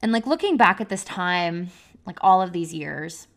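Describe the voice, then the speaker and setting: A young adult woman speaks candidly on a podcast, sharing her own story in a confessional way. Her voice sits a touch low for a woman, and "like" runs through nearly every sentence. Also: animated, normal speed. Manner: confessional, heavy use of "like" as filler.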